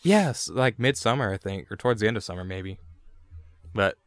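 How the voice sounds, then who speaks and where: A man's voice: lowish voice, expressive, moderate pace, no echo. A young man hosting a casual gaming podcast, laughing often and swearing in loose banter with friends. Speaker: podcast host.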